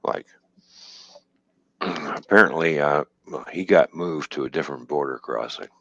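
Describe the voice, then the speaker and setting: Deep-voiced man swearing through a story. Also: measured pace, gravelly, dry recording. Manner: profane, laughing, animated retelling with quoted dialogue. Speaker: trucker telling a story. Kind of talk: casual storytelling on a stream. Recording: dull lo-fi dry stream audio.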